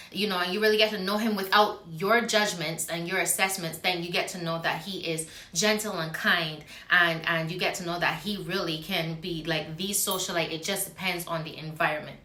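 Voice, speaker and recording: A woman's voice: on the low side, steady tone, moderate pace, hardly any pauses, bright, forceful tone. Earnest woman chatting in an echoey room. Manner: earnest, explaining with examples. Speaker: co-host. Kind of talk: casual chat.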